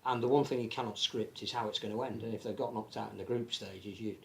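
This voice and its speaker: An English man with an animated manner, chatting casually as a rugby league podcast pundit and often restarting his sentences. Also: on the low side, fast, gravelly, a little hiss or hum. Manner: animated, many restarts and stammered repeats. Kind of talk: casual panel chat.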